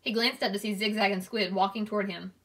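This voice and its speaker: A woman's voice: mid-range voice, quick pace. Woman reading a novel aloud. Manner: steady, clear storytelling. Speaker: reader.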